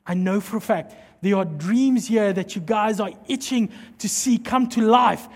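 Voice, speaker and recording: A pastor preaching a sermon with emphatic delivery that drops to soft, intense tones when he prays. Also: high-pitched, moderate pace, slightly rough. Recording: hall reverb.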